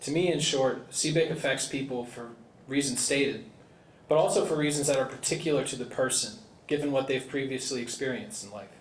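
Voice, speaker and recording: A man's voice: mid-range voice, a little fast, slight background noise. A man, the board chairman, delivering earnest prepared remarks at an indoor gala. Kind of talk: prepared speech at a podium. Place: large indoor banquet hall. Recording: roomy hall with faint ambience.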